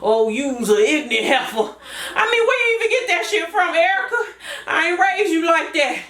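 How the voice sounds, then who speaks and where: Woman putting on a raspy, scolding old mama. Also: very high-pitched, animated, moderate pace, fairly bright tone, roomy sound, voice pushed up. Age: older. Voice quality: raspy, throaty. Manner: scolding, cursing. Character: grumpy older grandmother, sharp-tongued.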